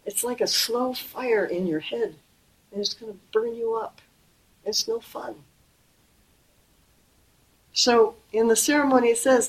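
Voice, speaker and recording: Gentle woman giving a dharma talk. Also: a little high, poor audio. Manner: gentle and conversational, slowing and softening on key phrases. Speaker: Buddhist teacher.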